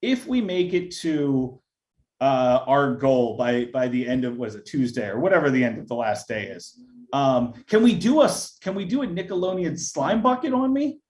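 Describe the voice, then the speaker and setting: A man, a filmmaker, answering audience questions in a casual live Q&A, halting often with fillers and restarts. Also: medium pitch, expressive, darkish tone.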